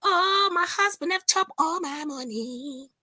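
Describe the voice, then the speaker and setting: A woman's voice: very high-pitched, expressive, measured pace, sharp tone, dry recording, pitched above the performer's own voice, exaggerated voice. A woman mimicking a fake-crying woman who begs viewers for money, wailing in a sing-song sob.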